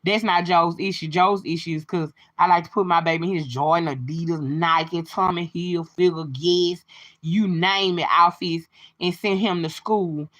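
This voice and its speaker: A woman's voice: on the low side, steady tone, normal speed, a bit bright. A woman talking casually to her livestream viewers, chatty and open, sharing a personal testimony. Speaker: livestream host.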